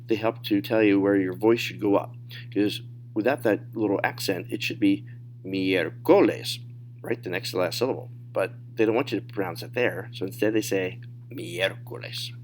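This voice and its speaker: A man teaching a recorded Spanish lesson, modeling phrases slowly and explaining pronunciation. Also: lowish voice, fairly even intonation, darkish tone, slight background noise. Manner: slow, deliberate modeling of phrases.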